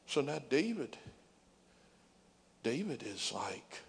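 Male preacher, slow and gravelly, dramatic sermon delivery with hushed whispers. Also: lowish voice. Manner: dramatic, drops to whispers and sings out scripture.

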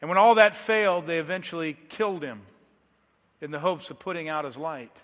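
High-voiced, bright-toned male preacher. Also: fairly quick, in a large hall. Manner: swings from quiet, low passages to loud emphatic declarations. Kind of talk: sermon.

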